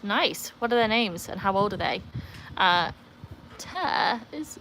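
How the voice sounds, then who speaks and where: A woman's voice: on the high side, lively intonation, unhurried, gravelly, fairly bright tone, slight background noise. A woman from the UK with a British accent, hosting a casual livestream at home, chatting upbeat and rambling while reading viewer comments aloud and talking to her dogs. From United Kingdom. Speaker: livestream host.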